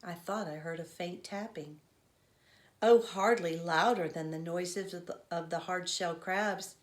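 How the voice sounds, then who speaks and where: A woman's voice: on the low side, unhurried, lightly acted. A woman voicing an old village man who tells a grief-filled childhood story in a children's novel read aloud. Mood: intent. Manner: earnest storytelling, rising to loud cries.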